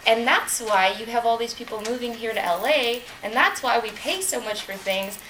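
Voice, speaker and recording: A woman's voice: on the high side, normal speed, a bit bright, a little hiss or hum, low-quality recording. A woman from Southern California giving a chatty, rambling impromptu speech at a club meeting, laughing as she goes. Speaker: Toastmasters speaker and meeting toastmaster.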